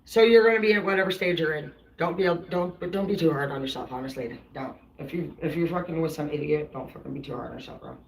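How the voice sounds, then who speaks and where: A woman's voice: low-pitched, fast talker, few pauses, a little hiss or hum, low-quality recording. A woman tarot reader talking casually to her live-stream viewers in a blunt, rambling, heavily profane way.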